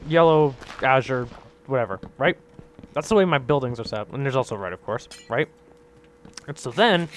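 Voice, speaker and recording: Lively, rambling guy telling a story. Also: fairly high pitch, a little hiss or hum. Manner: animated, rambling, tags lines with "right?"; laughs often while telling the story. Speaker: gaming channel host. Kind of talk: casual storytelling over gameplay.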